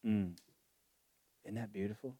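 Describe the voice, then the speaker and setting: Fervent low-voiced male preacher. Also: steady tone, dark tone, no room sound. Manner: fervent, emotional, drawn-out preaching. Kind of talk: sermon.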